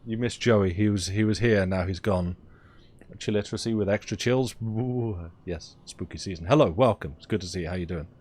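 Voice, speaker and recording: A man's voice: low-pitched, moderate pace, darkish tone. A man streaming a game, chatting casually with viewers and reading in-game documents aloud in a playful way.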